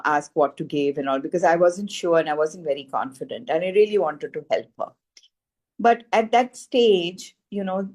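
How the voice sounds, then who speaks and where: A middle-aged woman tells a story in an earnest, emphatic, conversational way. Her voice sits a little low for a woman, and she repeats phrases to drive a point home. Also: a little mellow. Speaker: spiritual teacher sharing a wellness testimonial.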